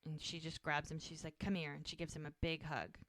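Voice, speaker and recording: A woman's voice: low voice, level tone, brisk, pushed and bright, no echo, studio quality. A woman co-hosting a podcast, casually recapping a scene and acting out the characters' lines. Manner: retells scenes, acting out dialogue. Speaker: podcast co-host.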